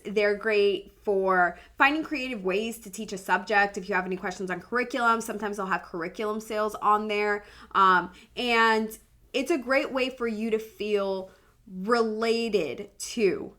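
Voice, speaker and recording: A woman's voice: mid-range voice, bright, forceful tone. A woman in her thirties hosting a podcast, talking in an earnest, chatty way with frequent ums and restarts. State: emotional, voice softening. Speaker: podcast host. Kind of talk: casual heartfelt podcast talk.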